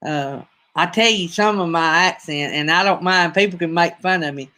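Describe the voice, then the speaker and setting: High-voiced Alabama man chatting folksily. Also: normal speed, bright, forceful tone. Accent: Southern US, Alabama. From North Alabama. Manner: rambling, folksy, addresses viewers as y'all. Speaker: livestream host. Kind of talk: casual live-stream chat with viewers.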